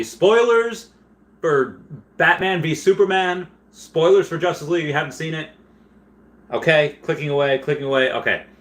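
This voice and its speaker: A man hosting a casual livestream, rambling with lots of fillers and getting loud and worked up when annoyed. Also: fairly low pitch. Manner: excitable, rambling with many fillers, gets loud when upset. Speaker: host.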